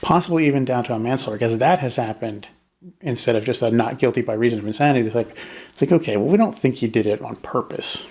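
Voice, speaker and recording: A man with a gravelly, fry-edged voice talks through a criminal case in casual conversation. He is animated and jumps into quick mock voices to act out the jurors. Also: mid-range voice. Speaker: podcast co-host. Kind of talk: casual true-crime discussion.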